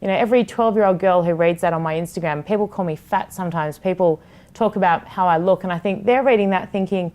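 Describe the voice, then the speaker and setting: A woman's voice: on the low side, fast talker, a little mellow. A woman in her thirties who hosts a TV sports show, talking candidly and passionately in a casual podcast chat, swearing freely. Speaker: TV sports host, guest.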